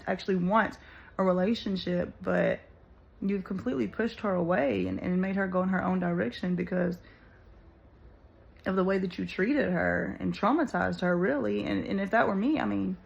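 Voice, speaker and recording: A woman talking things through with her audience, earnest and searching, leaning on filler words as she goes. Her voice drags into a thick, gravelly fry, and the recording sounds a little muffled and lo-fi. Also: medium pitch, steady tone, moderate pace. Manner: earnest and searching, many "like" and "you know" fillers. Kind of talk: casual spoken reflection to viewers.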